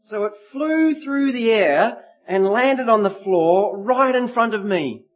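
A middle-aged man preaching a sermon, telling stories with lively acted voices. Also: high voice, slow. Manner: animated storytelling with acted voices. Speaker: pastor. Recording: slightly muffled lo-fi recording.

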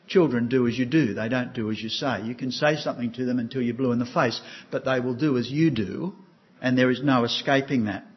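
A man's voice: mid-range voice, fairly quick, muffled recording. An older man preaching a sermon as pastor, earnest, often putting questions to his listeners. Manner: earnest, asks the congregation questions.

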